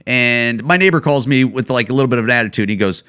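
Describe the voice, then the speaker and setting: A man's voice: medium pitch, fast, clear, resonant tone. A man hosting a podcast, ranting casually and swearing a lot. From Chicago. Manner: profane, animated ranting. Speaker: podcast host. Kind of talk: casual rant.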